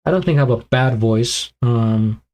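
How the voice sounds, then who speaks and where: A man's voice: medium pitch, moderate pace, a little mellow, slight background noise. Chatty man with a tiring voice. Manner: rambling, thinks aloud with many fillers and restarts. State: voice tiring and weakening. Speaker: host of a live reaction stream. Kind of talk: casual live commentary, chatting with viewers.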